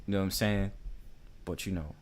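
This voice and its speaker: A man's voice: deep voice, steady tone, a little fast, a little mellow, slight background noise. A man with a New York accent hosting a casual livestream panel, teasing and bantering as he talks. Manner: bantering, repeats "you know what I'm saying".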